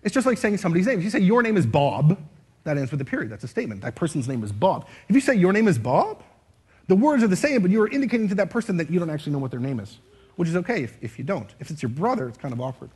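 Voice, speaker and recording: A playful man leads a live audience through a speaking exercise, his voice a little husky. His pitch swings widely as he acts out lines in different tones. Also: sing-song, rapid-fire, a little mellow. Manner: playful, demonstrative, shifts voice to show expression. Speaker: speaker leading an audience activity. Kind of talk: interactive stage talk. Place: stage before a live audience.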